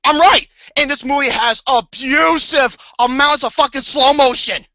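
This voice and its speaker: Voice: high voice, moderate pace, bright, forceful tone, dry recording. A podcast co-host tearing into a movie in a profane, exasperated rant with theatrical outbursts. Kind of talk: ranting movie review. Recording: dull lo-fi podcast audio.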